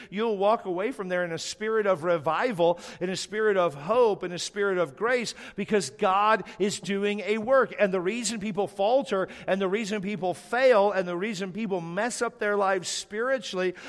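A man's voice: high voice, long reverb tail. A man pastor delivering a sermon in a church, emphatic and building phrases in repeated lists.

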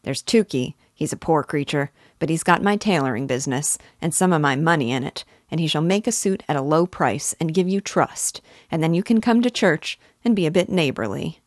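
A long-winded old parish clerk holds forth in rustic dialect, meandering from point to point, put on by a woman. The voice sits low and close, with a dry, dead sound. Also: animated, a little fast, hardly any pauses, no echo. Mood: advising. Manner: rambling, folksy rural dialect.

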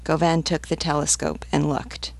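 A woman's voice: low voice, little pitch movement, moderate pace, vocal fry, no room sound. Woman reading a novel aloud. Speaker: literature teacher. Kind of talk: audiobook reading.

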